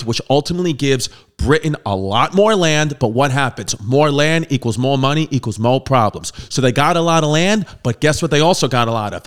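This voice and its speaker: A man's voice: medium pitch, expressive, moderate pace. A man hosting a comedic history lesson, riffing with jokey asides and tangents. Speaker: comedian host.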